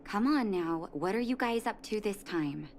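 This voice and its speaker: Woman playing a calm kind doctor lady, soft and soothing, game voice. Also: mid-range voice, moderate pace, natural voice. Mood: gentle. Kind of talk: game voice acting.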